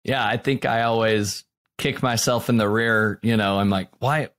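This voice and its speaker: A man hosting a podcast in a casual, reflective way. His voice sits on the low side, and he often closes his thoughts with a quick tag question. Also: fairly even intonation, fairly bright tone. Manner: reflective, frequent tag "right?". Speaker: podcast host. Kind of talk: casual interview chat.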